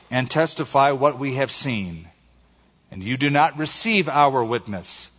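A man delivers a sermon in an emphatic preaching style, drawing out the key phrases. His voice sits a little high for a man. The recording is somewhat muffled and carries the long reverb of a large hall. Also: normal speed, a bit bright. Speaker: pastor.

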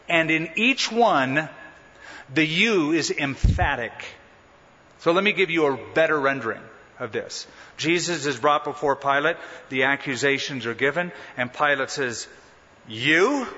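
A man's voice: a little high, bright, forceful tone. A pastor preaching an expository sermon with emphatic, dramatic rises and drops in his voice. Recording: dull sound in a large reverberant hall.

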